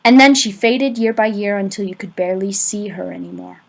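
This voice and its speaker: A woman's voice: medium pitch, creaky, rough recording. A woman reading the lines of an earnest adult male teacher in an amateur audiobook, talking urgently and sometimes stammering. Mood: gentle, insistent. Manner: urgent, halting, stammering in places.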